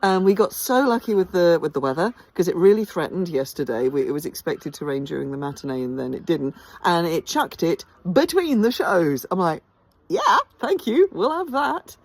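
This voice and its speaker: A woman with a low voice talks casually to camera in a behind-the-scenes vlog. She sounds tired but happy and keeps stopping and restarting. Her chat is eager and full of fillers. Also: animated, fairly quick, few pauses, a little mellow. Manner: chatty, enthusiastic, many ums and restarts. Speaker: theatre company director. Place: outdoors by a house.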